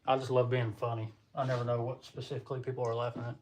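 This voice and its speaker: A man's voice: mid-range voice, little pitch movement, quick pace, a little mellow, a little hiss or hum. A young man with a Southern American accent, hosting a casual live chat on a stream in a chatty, folksy way. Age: young adult. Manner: folksy, chatty, addresses viewers as y'all. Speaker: livestream host. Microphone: computer or phone mic on a livestream.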